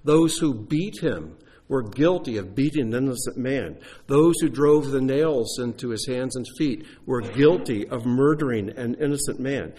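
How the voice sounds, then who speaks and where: A man's voice: medium pitch, moderate pace, dark tone, slightly rough. A man teaching a sermon in a conversational way, asking the listeners rhetorical questions. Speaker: Bible teacher.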